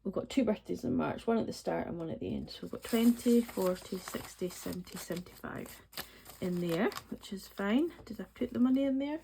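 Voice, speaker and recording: In a rough recording with slight background noise, a Scottish woman in her forties from the Highlands narrates her cash stuffing. She's a budgeting vlogger with a mid-range, mellow, creaky voice, speaking in a brisk, animated way. She counts money aloud and rambles casually, full of ums.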